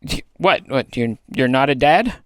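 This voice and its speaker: A woman's voice: extremely low pitch, expressive, a little slow, no room sound. A woman voicing an exasperated, sarcastic male bear who hosts a puppet late-night comedy show. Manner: sarcastic, exasperated, sighing asides. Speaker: host.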